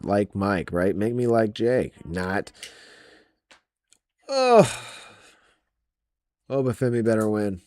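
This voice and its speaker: A man's voice: fairly low pitch, normal speed, hardly any pauses, a little mellow, no echo. A man hosting a wrestling podcast, ranting about match predictions in a profane, exasperated way.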